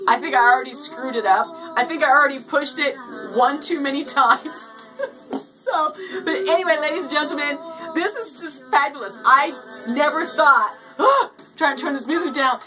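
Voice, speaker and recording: Giddy high-voiced woman hosting her show. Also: moderate pace, sharp tone. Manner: giddy, playful, repeats words for fun. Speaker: show host. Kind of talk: casual solo show hosting. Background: faint music.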